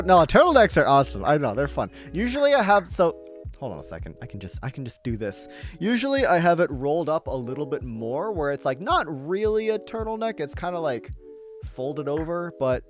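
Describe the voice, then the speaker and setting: A man's voice: on the high side, very animated, normal speed, faint music behind. A man casually chatting with his viewers during a live game stream, upbeat and laughing often. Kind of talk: casual live-stream chat while playing.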